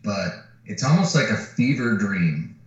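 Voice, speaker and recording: A man's voice: lowish voice, unhurried. A man co-hosting a podcast, casually retelling a film plot with lots of swearing and acted-out lines. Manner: animated retelling of a film plot, swearing freely, acting out quotes. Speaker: podcast co-host. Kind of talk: casual chat. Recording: far from the mic in a very echoey room, dull sound.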